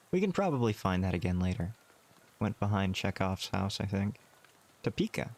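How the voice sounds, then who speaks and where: A man's voice: low voice, big pitch swings, moderate pace, a little mellow. A man chatting casually while playing a video game, making wry, offhand asides. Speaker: gaming streamer. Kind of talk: casual let's-play commentary.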